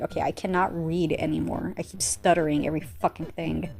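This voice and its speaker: A woman with a lowish voice reads a comic aloud, tripping over words and cutting in with sarcastic remarks. Faint music plays underneath her. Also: fairly even intonation, fairly quick, gravelly, few pauses, darkish tone. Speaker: comic reader. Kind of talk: reading a fan comic aloud with reactions.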